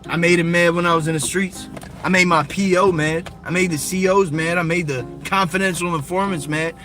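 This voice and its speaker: Man, high voice, heated profane livestream rant, loud hip hop beat behind. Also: fairly even intonation, brisk. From Philadelphia area, USA. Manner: angry, profane, confrontational, talks straight at the viewer. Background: hip hop music.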